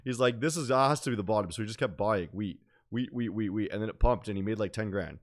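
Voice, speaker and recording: A man's voice: fairly low pitch, fast. A young man streaming about day trading in casual chat, rambling with lots of fillers and slang.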